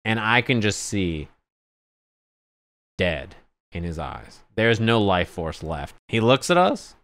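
A man telling a lively anecdote on his stream in casual chat, sometimes acting out other people yelling. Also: takes it slowly, no room sound. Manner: animated anecdote, acts out others yelling in high pitch.

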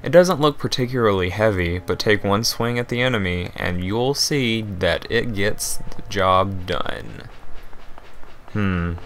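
A man's voice: lowish voice, measured pace, fairly bright tone, a little hiss or hum. A young man hosting a let's play, joking as he reads game text aloud and riffs on it. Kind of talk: casual gameplay commentary.

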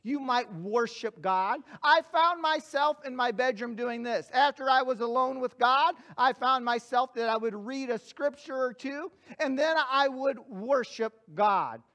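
Male guest evangelist, very high voice, earnest and emphatic sermon delivery with self-deprecating asides. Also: a little slow, few pauses, sharp tone. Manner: earnest, emphatic, repeats phrases for effect. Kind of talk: sermon with personal stories.

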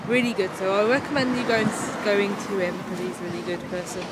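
A woman's voice: medium pitch, fast. A young woman from England, chatting casually and rambling to her camera as she walks around town. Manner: chatty, giggly, rambling with many ums. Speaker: vlogger. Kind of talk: casual vlog chat. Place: outdoors in a town, streets and markets. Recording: loud street and traffic noise. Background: traffic and street ambience.

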